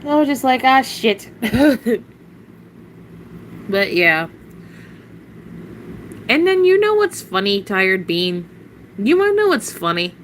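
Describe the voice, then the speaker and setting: A woman's voice: on the high side, very animated, slow pace, long pauses, a little hiss or hum, rough recording. A woman venting on a casual livestream, blunt and profane, rambling with sighs and short laughs.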